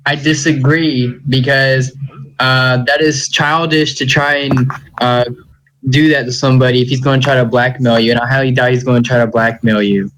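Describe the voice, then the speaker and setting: A man with a middle-pitched voice plays a senator in a role-played parliamentary debate. He speaks in formal phrases but hesitates, filling gaps with pauses. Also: level tone, a bit bright, slight background noise, low-quality recording. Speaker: senator in a mock senate session.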